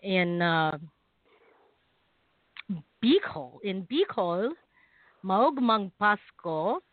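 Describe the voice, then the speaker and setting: A woman's voice: mid-range voice, big pitch swings, very slow, no room sound. A woman from the Philippines co-hosting a casual talk radio show, giggling as she tries out holiday greetings. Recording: tinny phone-line sound.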